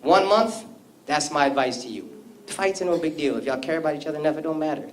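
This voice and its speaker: A man doing stand-up comedy and loud, slangy crowd work in front of a live audience. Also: fairly high pitch, fast. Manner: loud, animated, slangy banter. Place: comedy club stage before a crowd. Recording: roomy live club sound with crowd noise.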